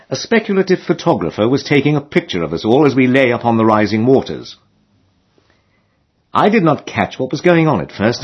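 A man narrating a comic novel in a lively, expressive way with dry humor, in a dull lo-fi recording. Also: mid-range voice, husky. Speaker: audiobook narrator.

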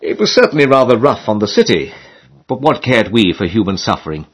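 A man's voice: on the low side, very animated, brisk, husky. A man narrating a comic classic novel as an audiobook, with a dry, mock-solemn delivery. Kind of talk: scripted narration.

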